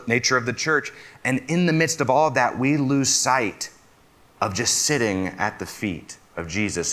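A man's voice: mid-range voice, bright, forceful tone. A man preaching a conversational sermon. He asks his listeners questions and counts himself among them as a fellow "fixer.".

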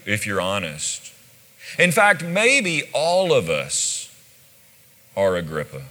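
A man delivers a sermon, his voice bright and swinging widely in pitch. He takes his time, acting out each quoted line with vivid storytelling. His words ring out through a large hall with a long echo. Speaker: pastor.

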